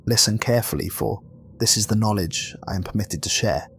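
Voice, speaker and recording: A man voicing a calm, commanding archangel who speaks gently but with solemn, measured authority. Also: fairly low pitch, slight background noise.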